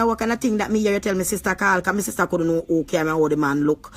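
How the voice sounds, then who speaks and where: A woman's voice: on the low side, fairly even intonation, fast, few pauses. A woman speaking in a Jamaican accent vents in a vlog, her voice heated and full of swearing. She tells a long story in a loose, rambling way and keeps coming back to her anger. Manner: heated, profane, venting. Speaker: vlogger. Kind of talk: angry storytelling rant.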